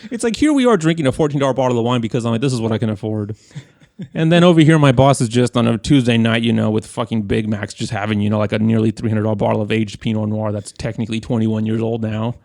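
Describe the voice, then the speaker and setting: Gravelly young man telling a story. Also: on the low side, fast, dry recording, clean studio sound. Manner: animated, profane, acts out quoted voices. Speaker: podcast co-host. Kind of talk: casual storytelling chat.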